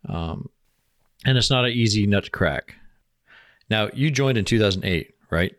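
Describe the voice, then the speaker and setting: A man's voice: lowish voice, expressive, moderate pace, no echo, clean studio sound. A man hosting an interview, putting short questions to his guest and answering with brief agreement. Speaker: interview host. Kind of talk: conversational interview.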